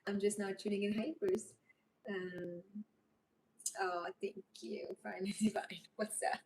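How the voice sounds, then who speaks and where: A woman's voice: mid-range voice, steady tone, a little slow, a little mellow. Rambling woman livestreaming. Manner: rambling and openly emotional. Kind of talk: casual livestream chat reading comments. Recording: voice a bit far from mic, faint noise.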